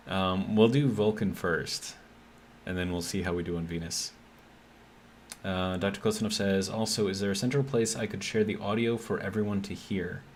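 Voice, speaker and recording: Low-voiced easygoing male game streamer. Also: steady tone, normal speed, slight background noise. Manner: easygoing, hesitant, many ums and self-corrections. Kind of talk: casual live-stream commentary, reading chat aloud.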